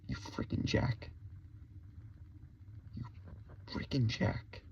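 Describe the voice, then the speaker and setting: A man giving a mock-serious comedic rant to camera, switching between hushed whispers and loud outbursts. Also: lowish voice, vocal fry, slight background noise. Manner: spells out words letter by letter. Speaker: video creator. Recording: dull lo-fi recording.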